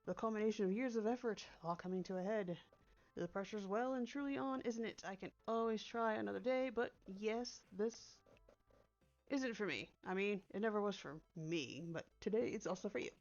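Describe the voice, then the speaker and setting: A woman's voice: mid-range voice, moderate pace, darkish tone, lo-fi sound, close to an everyday voice. A woman voicing a polite, earnest young man in a game, trying a formal British-flavored delivery.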